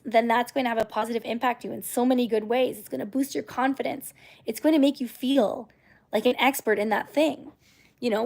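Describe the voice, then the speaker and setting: A woman's voice: a little high, darkish tone. A woman from Canada chatting casually to viewers on her live stream, upbeat and encouraging, with many fillers and restarts. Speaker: YouTuber hosting a live stream.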